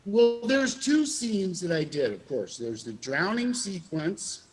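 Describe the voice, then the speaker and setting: A man, a former child actor, telling animated stories in a casual interview and acting out the quotes. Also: high voice, takes it slowly. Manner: animated storyteller, acts out quotes with laughs.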